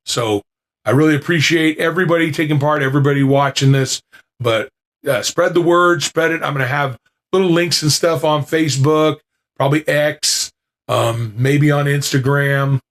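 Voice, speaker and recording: A man's voice: fairly high pitch, moderate pace, a bit bright. Rambling man at a podcast mic. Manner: rambling, with many fillers and restarts. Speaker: podcast host. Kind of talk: casual chat to listeners. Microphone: podcasting mic with noise reduction.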